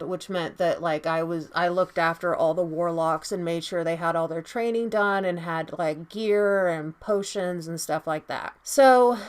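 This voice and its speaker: A woman in her thirties chats to camera with a lowish, easygoing voice, telling a personal story. She rambles, stacks up fillers and restarts her sentences often. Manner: chatty and rambling, full of "like" and "you know"; acts out quoted lines in a higher, excited voice. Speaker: beauty vlogger.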